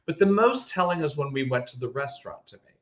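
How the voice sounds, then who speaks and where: A man co-hosting a podcast in casual chat, telling stories with animated emphasis and frequent restarts. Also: fairly high pitch, quick pace. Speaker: podcast co-host. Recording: echoey room, dull lo-fi sound.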